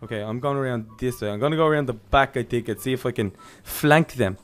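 A man's voice: mid-range voice, fast, faint music behind. A man co-hosting a gameplay video, chatting playfully and calling out warnings. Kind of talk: casual gameplay chat.

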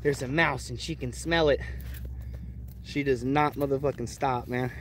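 A man livestreaming outdoors while walking his dogs, casually chatting with viewers and swearing freely in an excitable way. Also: mid-range voice, moderate pace, slight background noise. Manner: profane, excitable, greets chat viewers. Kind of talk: casual live stream chat.

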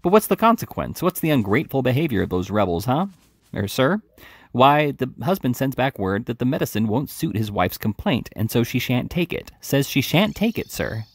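Pompous stout beadle ranting away, a man doing the voice, big pitch jumps, gravelly. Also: expressive, fairly quick, no room sound, clean studio sound. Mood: indignant. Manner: blustering, loud and indignant. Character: pompous, corpulent male parish beadle, indignant.

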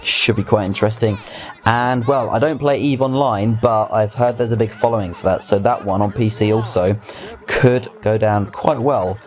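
A young man with a fairly low voice runs through the week's game news in a casual, rambling way. He stumbles and restarts often and throws in personal asides. It sounds like a home desk mic. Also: steady tone, moderate pace. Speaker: gaming video host. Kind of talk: casual weekly games news roundup.

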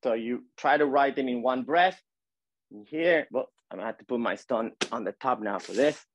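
A man's voice: medium pitch, moderate pace, dry recording. Man coaching calligraphy, dry close sound. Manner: relaxed, repetitive coaching with many fillers. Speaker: calligraphy teacher. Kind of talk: live demonstration lesson.

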